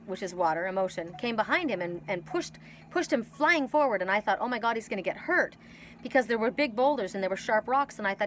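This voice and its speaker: A woman's voice: mid-range voice, a bit bright, a little hiss or hum, rough recording. A woman giving a spiritual oracle card reading, telling a dream in an earnest, storytelling way, repeating and restarting words often.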